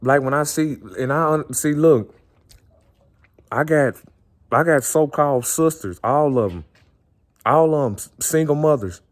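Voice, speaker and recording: A man's voice: on the high side, measured pace, pauses often. A man speaking in an earnest, impassioned monologue, circling back and repeating his phrases. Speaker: vlogger.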